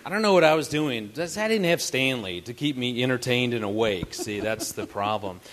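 A man's voice: mid-range voice, lively intonation, moderate pace, a bit bright. A man telling a funny story to an audience at a family camp, playful and teasing. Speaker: married couple's co-speaker at a family camp.

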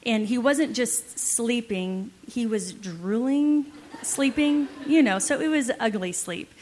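A woman telling an amused, lively story to an audience alongside her husband. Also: a little high, takes it slowly, slight background noise. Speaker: wife co-presenting with her husband.

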